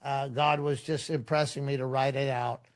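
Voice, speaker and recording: A middle-aged man, a pastor, telling stories in a relaxed, rambling way, with many fillers and restarts. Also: medium pitch, normal speed. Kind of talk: conversational storytelling in a podcast interview.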